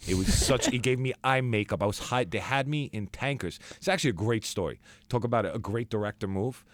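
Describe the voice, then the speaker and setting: A young man, a guest actor, telling stories in a casual podcast chat, acting out quotes with big jumps in pitch. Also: brisk, dry recording. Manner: animated storyteller who acts out quotes with big pitch jumps.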